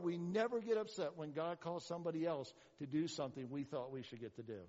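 A man preaching a sermon as pastor, animated, with rhetorical questions and sarcastic asides. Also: mid-range voice, quick pace, few pauses, big-room sound, muffled recording.

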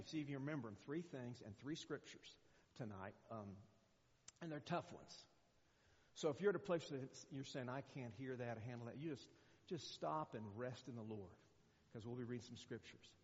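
A man's voice: mid-range voice, animated, normal speed. A man in his sixties preaching as a guest speaker in a conversational, rambling way, full of fillers and restarts. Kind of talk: sermon. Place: church hall. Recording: muffled echoey church recording.

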